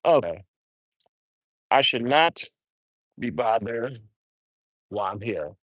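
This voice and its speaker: A man's voice: medium pitch, expressive, slow, a bit bright, no room sound, lo-fi sound. A man chatting casually on a live stream outdoors at a zoo, wry and grumbling as he talks to himself. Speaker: livestreamer.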